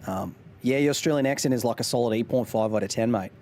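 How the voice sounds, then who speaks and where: A man's voice: mid-range voice, fast, a little mellow, a little hiss or hum. A man in his thirties hosting a casual live stream, joking while reading chat aloud. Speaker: streamer and host.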